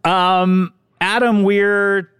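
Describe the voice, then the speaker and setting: A man co-hosting a podcast, talking in an animated, mock-serious way and laughing often. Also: sits high, extremely slow, clean tone, no echo, clean studio sound. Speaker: podcast co-host. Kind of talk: casual comedic chat.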